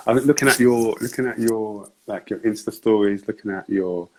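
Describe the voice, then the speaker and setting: An easygoing man hosts a casual sit-down interview, nudging it along with short murmurs of agreement. His voice sits on the low side and stays relaxed and unhurried. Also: low-quality recording. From United Kingdom. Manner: easygoing, frequent "mm" affirmations, chuckles. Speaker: podcast host.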